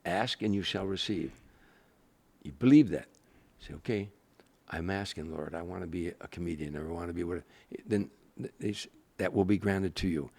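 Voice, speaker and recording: An older comedian telling stories in an interview, animated and acting out the people he quotes. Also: deep voice, normal speed, creaky. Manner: animated storyteller, acts out quoted voices. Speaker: guest, comedian. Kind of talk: storytelling interview.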